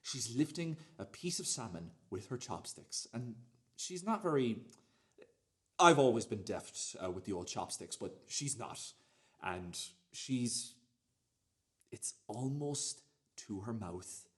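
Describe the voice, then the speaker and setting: A man's voice: mid-range voice, animated, slow pace. A young man playing a cocky youth in a student radio play monologue, swearing, rambling and dropping to a near-whisper. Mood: smug. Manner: swearing, rambling, drops to near-whisper, laughs mid-sentence. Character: cocky young man boasting about a dinner date.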